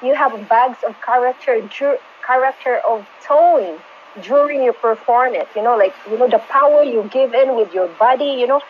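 High-voiced effusive woman on a video call. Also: moderate pace, slight background noise. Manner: effusive, rambling, with frequent fillers. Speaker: judge of an online singing contest. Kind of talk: casual judging feedback. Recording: slightly muffled online call audio.

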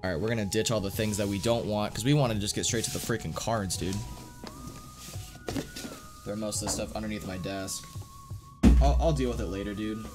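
A man streaming live, chatting casually and excitably to his viewers, full of slang. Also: on the low side, fairly quick, long pauses, loud music behind the voice. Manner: excitable, slangy, says dude a lot. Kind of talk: casual live-stream chat while opening card packs.

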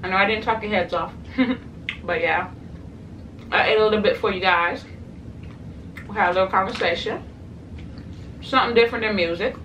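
A woman's voice: medium pitch, moderate pace, long pauses, a bit bright. A young woman chatting to camera on her eating show, rambling casually with lots of fillers, talking to her viewers. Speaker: mukbang and reaction channel host. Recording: slightly distant mic with faint room noise.

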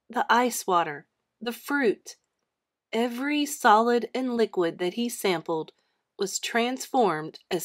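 A woman reading a children's chapter book aloud with an expressive storytelling manner. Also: a little high.

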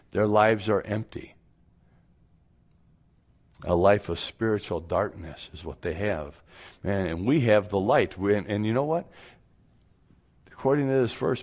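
A man's voice: fairly low pitch, normal speed, darkish tone. A man preaching a radio sermon as pastor, down-to-earth and folksy, sometimes acting out both sides of imagined everyday conversations.

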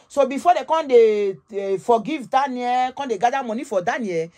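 A woman with a Nigerian Pidgin English accent telling gossip in an animated, emphatic way, often tagging her sentences with "oh". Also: on the high side, brisk, few pauses. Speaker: gossip vlogger. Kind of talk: casual gossip storytelling.

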